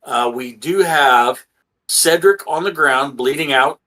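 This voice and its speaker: A man's voice: medium pitch, slow, pushed and bright. A man narrating as game master, rambling with many fillers and restarts.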